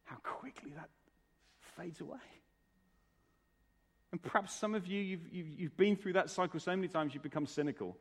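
A man preaching a sermon in church, earnest, moving between hushed, quiet lines and raised, emphatic ones. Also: sits high, normal speed, pauses often, husky. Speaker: pastor. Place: church hall. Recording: reverberant church hall.

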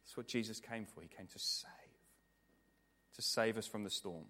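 A man preaching a sermon with earnest, repetitive emphasis, moving between raised passages and hushed ones, then leading a prayer. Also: lowish voice, normal speed, in a whisper. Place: church. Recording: long hall reverb.

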